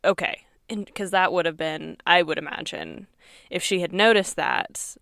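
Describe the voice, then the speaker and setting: Woman, co-host, smooth clear voice, lowish pitch, chatty. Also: moderate pace, fairly bright tone, dry recording, studio quality. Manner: chatty, asks questions, playful. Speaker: podcast co-host. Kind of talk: casual chat.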